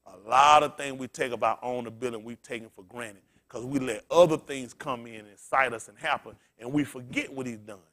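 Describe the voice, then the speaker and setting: A male pastor giving a casual, storytelling sermon, asking his congregation questions and swinging from loud bursts to quiet murmurs. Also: mid-range voice, brisk, hardly any pauses. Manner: conversational preaching, swings from loud excited peaks to quiet murmurs.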